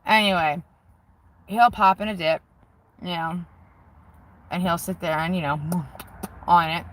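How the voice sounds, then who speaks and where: A woman's voice: on the low side, measured pace, fairly bright tone, slight background noise, poor audio. A woman in her forties chatting casually on a live stream from a car, candid and self-mocking, swearing freely. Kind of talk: casual rambling chat. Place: inside a car with the window open. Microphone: handheld phone.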